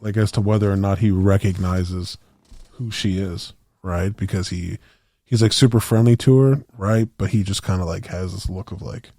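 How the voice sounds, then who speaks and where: A man's voice: sits low, fairly even intonation, moderate pace, mellow, no echo. A man co-hosting a podcast in casual chat, rambling through movie scenes and acting out the lines with plenty of swearing. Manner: rambling storyteller, acts out movie quotes, swears. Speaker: podcast co-host.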